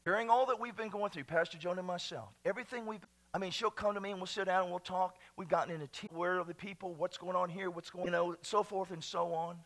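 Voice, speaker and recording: A man preaching a sermon to his church, swinging from hushed, whispered lines to loud, shouted passages. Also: high voice, fairly even intonation, fast, few pauses. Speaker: pastor. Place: church sanctuary.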